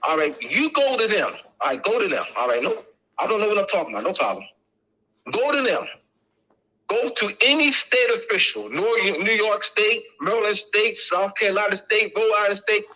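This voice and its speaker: Man, middle-aged, high pitched, very bright tense voice, emphatic repetitive informal lecture. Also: sing-song, moderate pace, poor audio. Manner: emphatic and repetitive, drilling points home.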